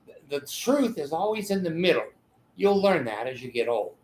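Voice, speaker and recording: In an echoey room, an older man who hosts an advice channel delivers a rambling monologue at a moderate pace. His voice is a little high, a little mellow, and very animated; he laughs mid-sentence and performs the voices of the people in his stories.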